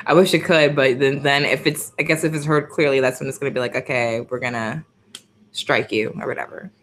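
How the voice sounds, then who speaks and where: A livestream host in her twenties from the Bronx chats casually in a light New York accent, often laughing and reading what viewers write. She talks quickly in a low, steady voice, with slight noise in the background.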